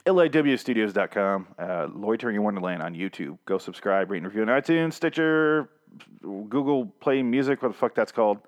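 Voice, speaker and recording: A man hosts a solo podcast in a casual, rambling manner, swearing freely as he jokes along. His low voice comes out hoarse and strained. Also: animated, fairly quick. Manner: profane, rambling, jokey. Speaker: podcast host.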